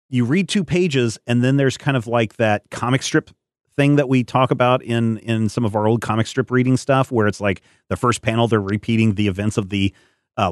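A man's voice: mid-range voice, no echo, studio quality. A man hosting a podcast in casual talk, rambling and thinking aloud with many fillers. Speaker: podcast host.

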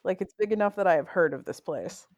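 A woman co-hosts a casual podcast in a relaxed way, often saying 'like'. Her pitch moves widely as she speaks. The recording is dry and close. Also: quick pace, no echo. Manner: relaxed, uses 'like' a lot. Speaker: podcast co-host. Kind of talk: casual chat.

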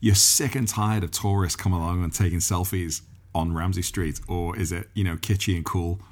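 A man from Liverpool hosts a casual interview with a very deep voice. He talks in a chatty, enthusiastic way and laughs along. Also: steady tone, normal speed. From England, Liverpool. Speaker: host, interviewer.

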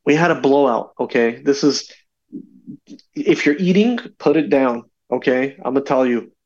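Male guest, mid-pitch, animated storyteller, slightly dull call audio. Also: moderate pace. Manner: animated storyteller, acts out voices. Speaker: podcast guest. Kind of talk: casual chat.

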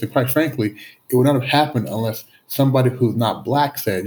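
A man's voice: mid-range voice, brisk, a little mellow. A man speaking earnestly in a conversation, often restarting and repeating words as he searches for them. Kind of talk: conversational discussion.

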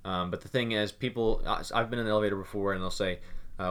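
A young man co-hosting a casual talk show, rambling and repeating words as he thinks out loud. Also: low voice, steady tone, racing. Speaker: podcast co-host. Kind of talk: casual chat.

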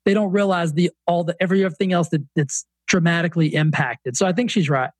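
A man's voice: a little high, brisk, no room sound. A man with a Southern accent, a fitness coach and author, telling stories animatedly as a podcast guest. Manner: animated storyteller, many restarts. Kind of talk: casual podcast interview.

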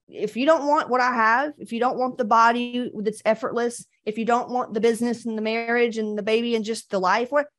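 A woman coaching on weight loss in a blunt, profane, animated motivational talk. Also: mid-range voice.

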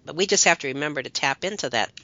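A woman's voice: sits low, lively intonation, rapid-fire, sharp tone, dull audio. A woman host in casual chat, affirming and reflecting on her guest's words.

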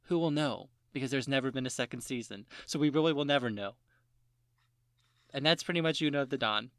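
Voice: medium pitch, quick pace, a bit bright, no echo, clean studio sound. A podcast co-host in casual chat who reads out a synopsis with joking, sarcastic asides.

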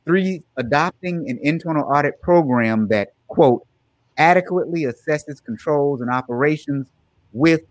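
A man's voice: mid-range voice, dry recording, rough recording. A man co-hosting a podcast, casually walking listeners through a news story and laughing now and then. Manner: explanatory, breaks into laughter. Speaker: podcast co-host.

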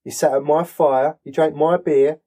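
A man's voice: on the high side, steady tone, normal speed, dark tone, close to an everyday voice. An actor playing a cheeky male thief with a Cockney accent, teasing and swaggering in an audio drama.

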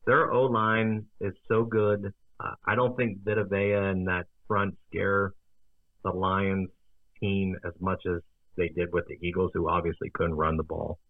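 A man co-hosting a casual sports betting podcast, talking in a relaxed, hesitant way. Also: deep voice, unhurried, no echo. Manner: relaxed, hesitant, with fillers and restarts. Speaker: podcast co-host. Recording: tinny phone-like line.

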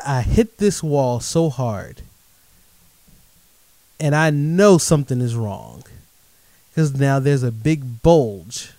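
Animated man telling a story to an audience. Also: medium pitch, no room sound. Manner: animated, addresses audience directly as folks. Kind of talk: storytelling monologue.

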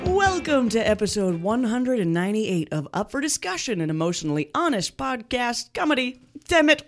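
A woman's voice: a little high, sing-song, normal speed, faint music behind. A woman co-hosting a comedy podcast, playful and exclamatory in her banter. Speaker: podcast co-host.

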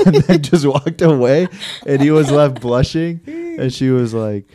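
A man co-hosting a casual chat, swearing freely and quoting people in animated bursts. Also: mid-range voice, unhurried.

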